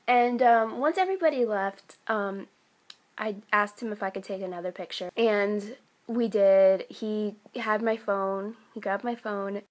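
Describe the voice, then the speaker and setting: A teenage girl from the United States telling a casual vlog story, chatty and excitable, full of "like" and "um". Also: mid-range voice. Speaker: vlogger.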